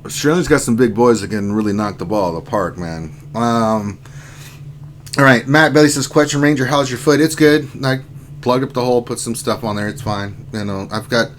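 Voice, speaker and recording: A man's voice: on the low side, moderate pace, slight background noise. A man hosting a casual gaming livestream, rambling and joking as he reads chat messages aloud. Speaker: streaming host.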